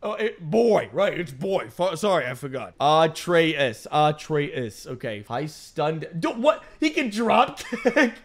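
A young man giving joking, excitable let's play commentary, talking back to the game characters. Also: sits high, a little slow, few pauses, slightly rough. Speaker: gaming YouTuber.

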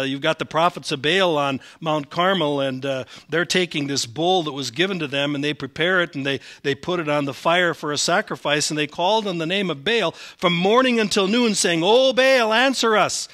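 A man with an Upper Midwest American accent preaches a Sunday sermon as senior pastor. His voice is bright and a touch high, and it climbs and swells whenever he reads scripture aloud. He breaks off now and then for self-deprecating asides. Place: church sanctuary.

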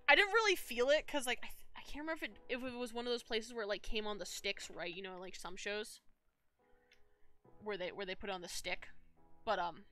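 Bright, animated woman telling a story. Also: a little high. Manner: animated, rambling, lots of fillers and self-corrections. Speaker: streamer. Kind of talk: casual storytelling chat.

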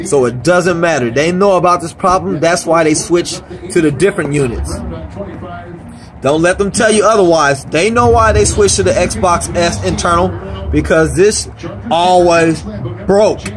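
An angry vlogger swears constantly and rambles while repairing a console power supply on camera, talking casually in a profane repair vlog. His voice is high and his pace moderate, with a crowd audible in the background.

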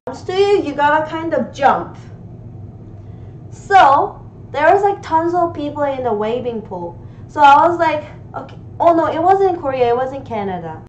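A woman's voice: high voice, lively intonation, normal speed. A woman casually telling a story on stream. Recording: echoey, dull lo-fi sound.

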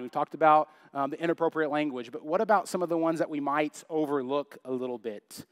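A man's voice: on the high side, no echo, clean studio sound. Upbeat joking male pastor. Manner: conversational, joking, rhetorical questions. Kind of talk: sermon. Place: church.

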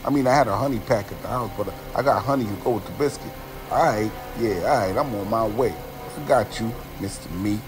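A man playing a smug, scheming male music mogul who talks in a low, slow, threatening drawl. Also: lightly acted. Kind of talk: comedy skit impression.

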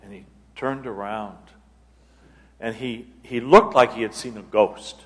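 A man, an abbot, telling a personal story at a retreat talk in an unhurried, halting way, often restarting his phrases. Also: mid-range voice, steady tone, a bit bright. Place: church hall. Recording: long reverb of a large hall.

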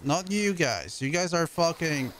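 A male streamer giving live gameplay commentary, loud and excitable with constant swearing. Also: fairly high pitch, unhurried, a little hiss or hum.

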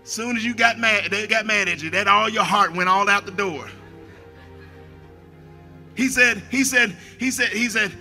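A man preaching a sermon as a pastor, shouting at the peaks, dropping to quiet asides, and repeating his phrases. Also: sits high, a little slow, pauses often, faint music behind.

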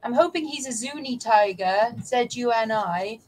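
Woman, co-host, dry deadpan jokes, slightly high voice, lists items plainly. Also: normal speed, low-quality recording. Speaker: livestream co-host showing purchases. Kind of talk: casual chat.

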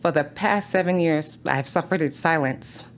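A woman's voice: sits low, normal speed, a little hiss or hum. A woman speaking at a town council public comment, emotional, pleading and insistent.

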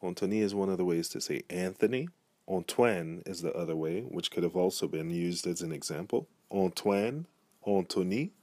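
A man's voice: low voice, normal speed, a little mellow, dry recording. A man giving a pronunciation lesson, speaking patiently and repeating each example word. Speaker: language teacher. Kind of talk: pronunciation tutorial.

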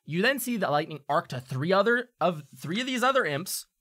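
A man narrates a tabletop game as game master, stopping often for fillers. His voice is bright and animated, with a wide, lively pitch. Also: a little fast.

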